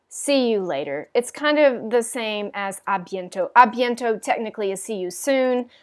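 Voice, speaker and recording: A woman teaching a French class in a recorded lecture, patiently explaining with frequent ums and modelling the phrases aloud. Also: medium pitch.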